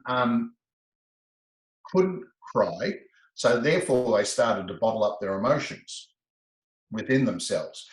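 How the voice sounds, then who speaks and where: A man, a laughter specialist being interviewed, telling stories in an animated way and acting out the voices in quoted exchanges. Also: slow, echoey room, low-quality recording. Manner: expressive, acts out quoted exchanges with rising pitch. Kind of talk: animated conversational storytelling.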